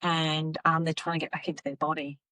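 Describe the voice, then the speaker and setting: A woman's voice: sits low, fairly quick, no echo, rough recording. A woman telling stories as a podcast guest, acting out the voices of people in them. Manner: animated, acts out voices in her stories. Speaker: podcast guest, psychic medium. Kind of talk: casual storytelling.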